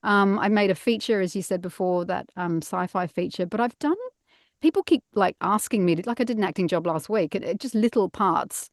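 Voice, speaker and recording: A woman's voice: mid-range voice, brisk, no echo, studio quality. A middle-aged woman, a voice actor guest, chatting casually and self-mockingly from her padded home booth. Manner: self-mocking, laughs often. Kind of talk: casual interview chat.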